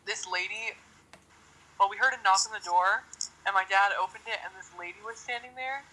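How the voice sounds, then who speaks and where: Bright-voiced young woman telling stories. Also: medium pitch, fairly quick, low-quality recording. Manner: animated storyteller who laughs. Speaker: podcast guest. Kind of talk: casual chat.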